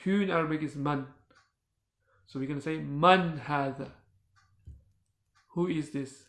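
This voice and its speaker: Guy teaching a beginner lesson, slow and careful, says everything twice. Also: on the high side, fairly bright tone. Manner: slow and deliberate, repeats phrases for learners. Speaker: Arabic teacher. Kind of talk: spoken language lesson.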